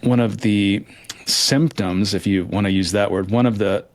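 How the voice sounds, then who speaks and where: A man's voice: fairly low pitch, fairly even intonation, normal speed. A man giving candid, reflective interview answers, earnest and hesitant with frequent restarts. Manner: earnest, hesitant, with many restarts and soft laughs. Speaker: interview guest, lottery winner.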